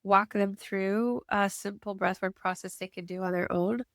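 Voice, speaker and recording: A woman's voice: medium pitch, fairly even intonation, normal speed, a bit bright, no echo, clean studio sound. A woman hosting a podcast, easygoing and chatty, talking over a video call. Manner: easygoing, laughs lightly. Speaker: podcast host. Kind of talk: casual conversation.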